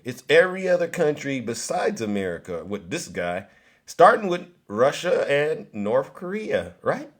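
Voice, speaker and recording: A man with a slightly high voice hosts a political commentary live stream. He talks straight to his viewers in a mocking, animated way. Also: unhurried.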